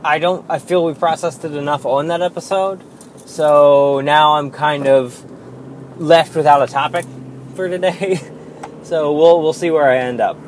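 Guy rambling on his own podcast, slow and draggy, lots of ums, pokes fun at himself, noisy hiss behind. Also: a little high, fairly even intonation. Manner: rambling, self-deprecating, with frequent fillers and swearing; slow and drawn-out. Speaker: podcast host. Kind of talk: casual solo podcast monologue.

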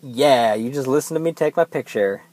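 A man's voice: medium pitch, moderate pace, darkish tone, poor audio. A man telling rambling, profane, exasperated stories in a casual monologue, talking in a car. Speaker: vlogger telling work stories.

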